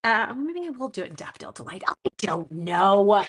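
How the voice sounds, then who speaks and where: A woman's voice: mid-range voice, big pitch swings, normal speed, slightly rough. A woman hosting a casual livestream craft demonstration, chatty and bubbly as she greets viewers by name. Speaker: stamping craft demonstrator and host.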